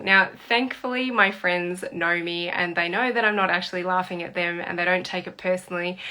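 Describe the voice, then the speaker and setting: Bright-voiced woman chatting about her work. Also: lowish voice. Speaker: body work therapist. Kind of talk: casual talk to camera.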